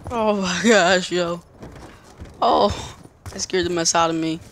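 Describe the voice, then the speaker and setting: A young man commentating his own gameplay, excitable, yelping and shouting in panic and repeating words rapidly. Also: sits high. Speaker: gamer. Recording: noisy game audio behind.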